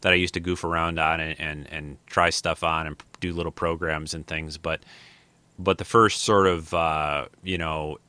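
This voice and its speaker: Deep, bright-toned podcast host in his 50s. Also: level tone, moderate pace, clear, resonant tone, no echo. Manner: rambling, many fillers and restarts, thinks aloud. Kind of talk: casual podcast chat.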